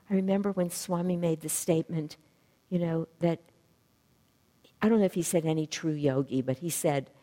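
Brief: woman spiritual teacher, low and mellow, reflective and unhurried in phrasing, recorded with a long reverberant echo. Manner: reflective, searching for words. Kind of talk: spiritual talk.

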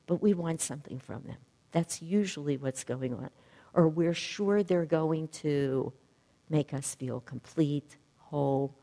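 Brief: woman spiritual teacher, low and mellow, reflective and unhurried in phrasing, recorded with a long reverberant echo. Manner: reflective, searching for words. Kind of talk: spiritual talk.

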